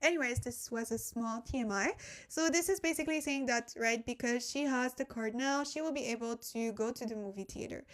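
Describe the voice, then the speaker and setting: A young woman who isn't a native English speaker teaches a casual live-streamed language lesson at a desk microphone. Her voice is a little high, a little fast, and a bit bright, and she chats and laughs often while reading the chat.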